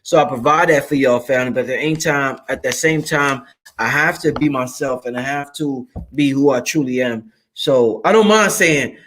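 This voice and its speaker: A man's voice: medium pitch, moderate pace, a little hiss or hum. A man hosting his own channel, talking casually to his viewers in a freewheeling, emphatic and profane way. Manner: animated, shouts curse words for emphasis. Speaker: channel host. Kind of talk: casual monologue to camera.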